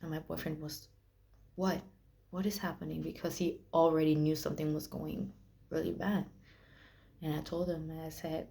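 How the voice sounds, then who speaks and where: Young woman, low gravelly voice, slow halting personal story, dark mellow tone. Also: flat delivery. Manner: emotional, halting with restarts. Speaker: mother telling her illness story.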